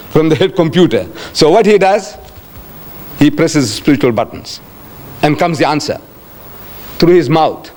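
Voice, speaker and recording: A man delivers a religious lecture with lively storytelling, asking his listeners rhetorical questions as he goes. His voice sits a little high for a man. He acts out the quoted voices and jumps sharply up and down in pitch. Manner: addresses audience directly, rhetorical questions.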